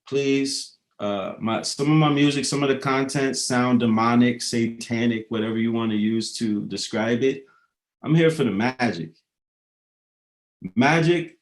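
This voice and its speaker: A man with an average-pitched voice talks off the cuff in a rambling, profane monologue. He slides from loose banter into earnest philosophizing and leans on fillers as he goes. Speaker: rapper.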